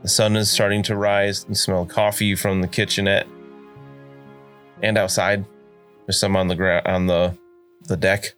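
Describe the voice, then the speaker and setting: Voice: sits low, flat delivery, unhurried, pauses often, a bit bright, soft background music. A game master narrating a tabletop game in a casual, laid-back way.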